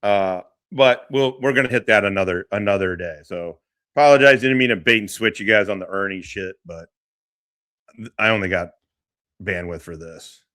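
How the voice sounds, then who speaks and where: A man's voice: lowish voice, normal speed, fairly bright tone, dry recording. A man hosting a livestream, talking casually and swearing a lot as he mocks and laughs. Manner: profane, laughing, mocking. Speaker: streamer host.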